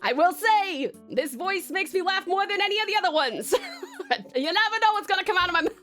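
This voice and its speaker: Giggly high-voiced woman streamer. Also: lively intonation, a little fast, faint music behind. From Tasmania, Australia. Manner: giggly, rambling, greets viewers warmly. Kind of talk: casual live-stream chat.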